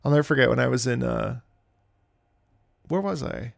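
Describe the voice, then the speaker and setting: A man's voice: medium pitch, lively intonation, moderate pace, vocal fry, long pauses, no echo, studio quality. A young man streaming, chatting casually in a rambling way, laughing and swearing freely. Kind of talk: casual live-stream chat.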